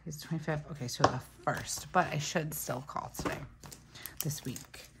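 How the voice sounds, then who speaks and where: A woman with a very deep voice and a gravelly edge chats casually about her week while she fills in a planner. She rambles through her stories with frequent asides, and a faint hiss sits under the recording. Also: moderate pace. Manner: chatty, storytelling, trails off into asides. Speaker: planner vlogger.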